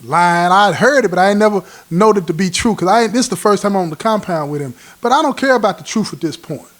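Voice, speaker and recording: High-voiced man spinning a street story. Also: fast talker. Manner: street slang, acts out quoted dialogue; animated, laughs at his own story. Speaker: host telling his own prison stories. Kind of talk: casual spoken storytelling.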